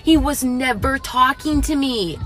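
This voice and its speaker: Brief: bright, slightly high woman, dramatic and mortified, faint music under her. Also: unhurried. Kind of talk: casual storytime monologue.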